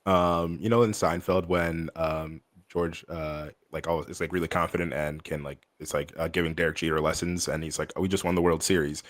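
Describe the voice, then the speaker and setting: Podcast co-host, male, deep voice, loose rambling delivery full of fillers. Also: fairly even intonation, moderate pace, hardly any pauses, a bit bright. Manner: rambling, lots of likes and ums. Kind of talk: casual sports podcast chat.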